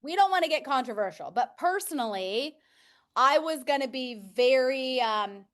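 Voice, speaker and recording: Woman podcast co-host, high voice, chatty and laughing, quick to agree. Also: lively intonation, a bit bright. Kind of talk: casual chat.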